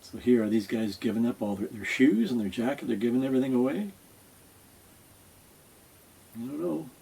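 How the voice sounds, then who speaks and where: Man, reaction host, casual, musing, husky, warm. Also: mid-range voice, normal speed, rough recording. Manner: musing, rhetorical questions.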